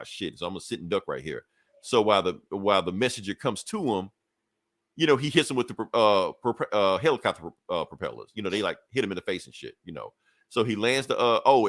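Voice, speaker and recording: Man, casual comic recap, low voice, dry recording, profane, loose asides. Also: a bit bright, dry recording. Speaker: podcast co-host reviewing comics.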